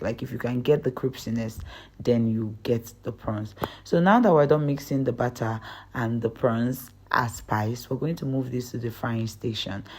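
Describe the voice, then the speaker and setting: A young woman with a rumbling low, dark voice hosts her own cooking channel. In a recipe tutorial voice-over, she walks viewers through each step in a chatty, upbeat way.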